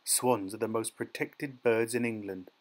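A man's voice: fairly low pitch, fairly even intonation, measured pace, natural voice. A man voicing a small, bullied teenage boy who speaks up earnestly and defiantly, in an audiobook reading. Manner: earnest, pleading then defiant.

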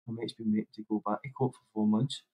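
A man's voice: lowish voice, fairly even intonation, fast, narrow, tinny audio. A man hosting a livestream, chatting casually, swearing and laughing as he hands out blunt advice. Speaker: livestream host.

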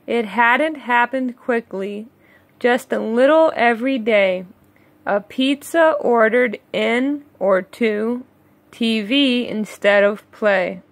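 A woman reading a rhyming children's picture book aloud, slow and measured, with chuckling asides between pages. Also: fairly high pitch, dry recording. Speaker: read-along storyteller.

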